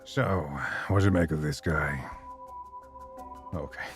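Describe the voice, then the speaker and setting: Man voicing a deep, wary police detective. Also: unhurried, soft background music. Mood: firm. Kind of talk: voicing game characters aloud.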